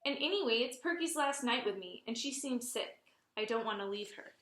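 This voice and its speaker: A woman's voice: on the high side, expressive, normal speed, fairly bright tone, echoey room, slight background noise. A woman reading the lines of an earnest, eager young boy from a storybook.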